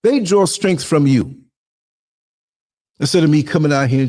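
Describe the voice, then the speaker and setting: Pausing often, a man with a slightly high voice moves at a moderate pace through his podcast's motivational monologue. He's a blunt, streetwise New Yorker who tells animated stories and acts out the dialogue.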